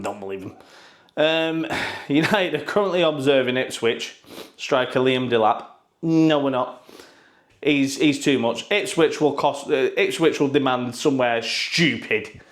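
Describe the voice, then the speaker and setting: Sarcastic man ranting about football. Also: mid-range voice. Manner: sarcastic, swears freely, mocking asides. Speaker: football news vlogger. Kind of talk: casual ranting commentary.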